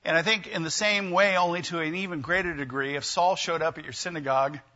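A man's voice: fairly high pitch, steady tone, fast, pushed and bright, dull audio. A man preaching a sermon in a conversational way, often asking his listeners questions. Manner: conversational, asks the congregation questions. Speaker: pastor.

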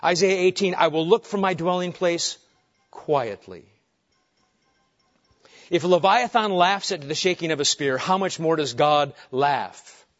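Preacher guy, kinda high voice, goes loud then real quiet, muffled old recording. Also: a little slow, soft background music. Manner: dramatic shifts between booming emphasis and hushed calm. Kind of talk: expository sermon. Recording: dull lo-fi sermon recording.

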